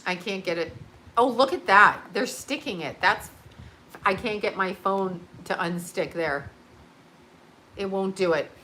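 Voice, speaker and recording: A woman's voice: mid-range voice, measured pace, pauses often, sharp tone, a little hiss or hum. A woman who works as a psychic, ranting on her livestream in a rambling, emphatic way, swearing now and then and stopping to answer viewer comments. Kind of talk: unscripted livestream rant.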